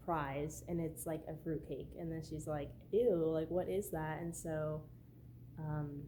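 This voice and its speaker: A woman's voice: fairly low pitch, a little mellow, a little hiss or hum. Bubbly woman gushing over books. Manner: bubbly, gushing, says "like" often. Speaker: book vlogger. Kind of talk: casual book haul chat.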